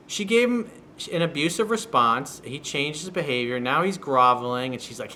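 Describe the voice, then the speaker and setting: A man of medium pitch, with lively intonation and a bright, forceful tone, speaks at a moderate pace with few pauses. Acting as a dating coach, he reads out a viewer's email and answers bluntly, profanely and sarcastically in a solo video newsletter commentary. He's in a home room with workers outside the window; slight background noise is present.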